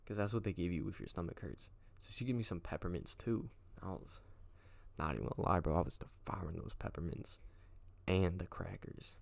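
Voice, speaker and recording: Young man, low voice, gravelly, slangy and profane, casual rambling storytime. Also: fairly quick.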